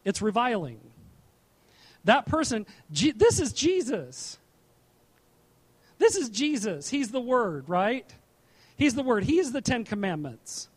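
Man, middle-aged, pastor, high voice, conversational sermon, scripture reading, frequent restarts. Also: sing-song, slow, long pauses. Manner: conversational, with asides and repeated restarts.

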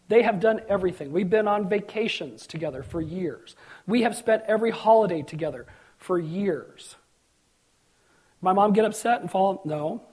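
With a high, husky voice, this middle-aged preacher weaves personal anecdotes into his sermon, performing the characters' lines and climbing to forceful high points.

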